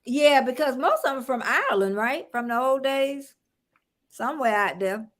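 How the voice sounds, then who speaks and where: A woman in her sixties with a Southern US drawl hosts a relaxed live-stream chat. She sounds chatty and laughs easily, with a fairly high-pitched voice. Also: normal speed. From Southern United States. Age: 60s. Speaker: show host.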